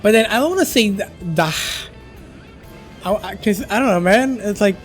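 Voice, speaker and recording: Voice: mid-range voice, normal speed, faint music behind. A livestream host chatting casually and playfully, laughing while fumbling through new pronunciations. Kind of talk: casual live reaction chat.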